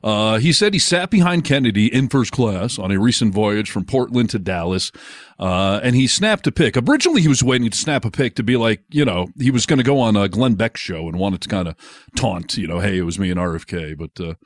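A man's voice: on the low side, a little fast, no room sound. A man co-hosting a casual comedy podcast, reading news with sarcasm and frequent laughs. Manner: animated, sarcastic, laughs often. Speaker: podcast co-host.

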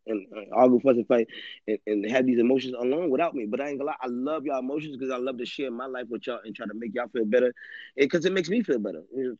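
Fast-talking profane man, lo-fi. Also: medium pitch, a little mellow, no room sound. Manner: rambling, profane, street slang. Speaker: live stream host. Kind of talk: casual live-stream monologue. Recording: dull lo-fi dry audio.

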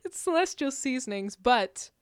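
A chatty young woman from the United States co-hosting a podcast in a studio, breaking into giggles as she talks. Her voice is smooth and clean, and it sits dry and close to the mic with hardly any room around it. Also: sits high, animated, moderate pace, no echo. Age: 20s. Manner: giggly, laughs often, chatty. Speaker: podcast co-host. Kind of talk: casual chat.

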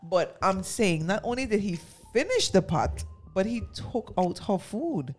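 A woman's voice: medium pitch, big pitch swings, measured pace, darkish tone, faint music behind. A woman co-hosting a casual group chat show who presses the others with repeated questions. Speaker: podcast co-host.

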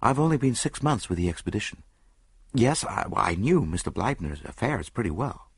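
A man's voice: on the low side, slightly rough, no room sound, pitched above the performer's own voice, full character voice. A man voicing a nervous young male secretary in an audiobook, talking in a rambling way.

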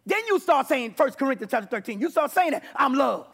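A man preaching to a church congregation, animated, mixing shouts and laughter. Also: very high-pitched, fast talker. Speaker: pastor. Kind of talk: sermon.

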